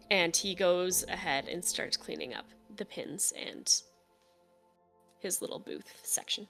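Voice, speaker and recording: Woman, game master, casual narration, bright tone, soft background music. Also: lowish voice, measured pace, gravelly. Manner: casual, chatty, with fillers and laughs.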